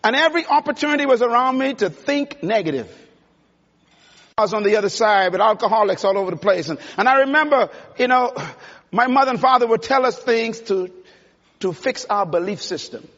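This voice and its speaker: Man, conference speaker, emphatic and preacherly, very high voice, dull sound. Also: expressive, brisk, a bit bright. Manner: emphatic, preacherly, addressing the audience directly. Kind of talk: motivational speech. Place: large conference hall. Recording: dull sound with long hall reverb.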